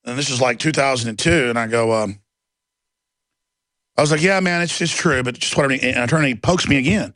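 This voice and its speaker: A man's voice: mid-range voice, a little fast, fairly bright tone, dry recording. A middle-aged man hosting a talk radio show, ranting and telling stories, acting out the voices of the people in them. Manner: ranting, storytelling, acts out quoted voices.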